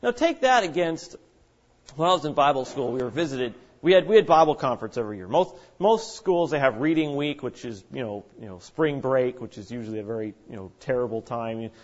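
A man preaching a sermon in an animated way, acting out the voices of the people he quotes. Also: mid-range voice, a little fast. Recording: dull lo-fi recording.

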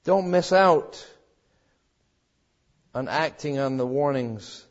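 A man preaching a sermon in an emphatic way, swinging between loud exhortations and quiet, low passages. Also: slow, dull audio. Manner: emphatic preaching with wide swings in pitch and loudness.

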